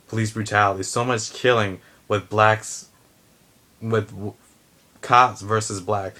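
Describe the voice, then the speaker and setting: Heated, forceful low-voiced man ranting. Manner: heated, blunt, swears, restarts sentences. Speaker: vlogger. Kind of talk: opinion rant to camera.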